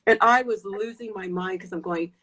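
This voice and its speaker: A woman, a guest and former member of parliament, gushing excitedly in an emotional live-stream conversation over a phone or computer mic. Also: medium pitch, moderate pace, rough recording. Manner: gushing, excitable, talks through tears and laughter.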